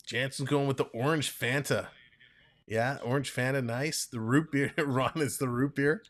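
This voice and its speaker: A man calling a ball game play-by-play on a live stream, chatting and reading viewer comments between pitches. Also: steady tone, moderate pace, fairly bright tone. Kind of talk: casual play-by-play with chat reading.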